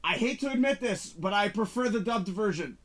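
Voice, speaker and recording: A man hosting a casual talk show, chatting about movies in an animated, rambling way. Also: high-pitched, a little fast. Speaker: show host reviewing movies.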